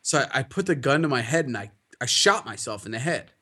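A young man co-hosting a casual podcast, swearing freely as he tells stories. His voice sits at an ordinary middle pitch. He gets animated and laughs through his own stories. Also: brisk. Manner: profane, animated storyteller, laughs a lot. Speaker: podcast co-host. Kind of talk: casual chat.

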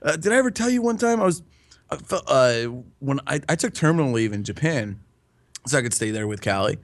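A man's voice: mid-range voice, animated, fairly quick. A young man casually telling a story with friends, swearing freely and breaking into laughter. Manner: loose, profane, laughs through his story.

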